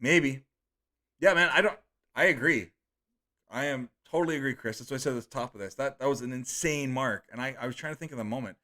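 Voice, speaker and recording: A man's voice: medium pitch, a little fast, pushed and bright. A man on a live stream reading out viewer comments and chatting about them in a casual, offhand way. He swears freely and stumbles over unfamiliar names.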